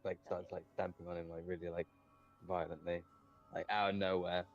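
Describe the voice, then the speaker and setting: A male player describing his character's actions in a loose, rambling way full of fillers. His voice is low and level. The recording sounds slightly muffled and distant. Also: little pitch movement, normal speed, faint music behind. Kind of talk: casual tabletop play.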